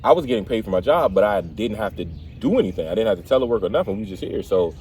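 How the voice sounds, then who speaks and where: A man hosts a relaxed conversation with a slightly low voice. He tells stories in an animated way and pokes fun at himself. Faint background noise sits under the talk. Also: quick pace. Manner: animated storyteller, laughs at himself. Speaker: host. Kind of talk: casual conversation.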